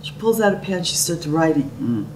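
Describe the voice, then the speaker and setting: A middle-aged woman telling a personal story in an animated way, sometimes dropping to soft whispers. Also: fairly low pitch, a little fast. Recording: distant mic with noisy background.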